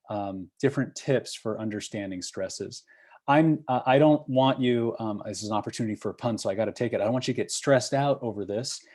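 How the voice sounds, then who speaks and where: A man with a somewhat low voice teaches over a video call. He is patient and encouraging, and he checks in with his class again and again. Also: a little mellow. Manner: patient, encouraging, checks in with frequent "okay?" and "right?". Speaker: course instructor. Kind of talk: online review session.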